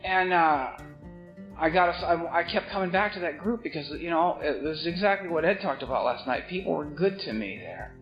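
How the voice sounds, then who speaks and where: Self-mocking guy cracking jokes about his past, a bit high voiced, echoey dull hall sound with music. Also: expressive, normal speed. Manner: wry, self-mocking, acts out other voices. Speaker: recovery meeting speaker. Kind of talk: comedic storytelling talk. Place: meeting hall with live audience. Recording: roomy, muffled hall recording with music.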